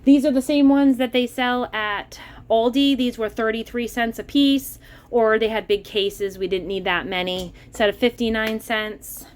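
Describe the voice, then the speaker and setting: A middle-aged woman with a Massachusetts accent, chatting casually about a grocery haul and getting excited over bargains. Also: on the high side, moderate pace, smooth. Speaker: vlogger.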